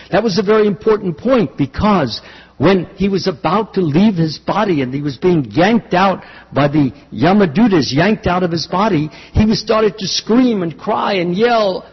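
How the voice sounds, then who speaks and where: A man preaching a sermon on scripture in an earnest way, pausing, restarting and often clearing his throat. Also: high voice. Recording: dull lo-fi sound with long hall reverb.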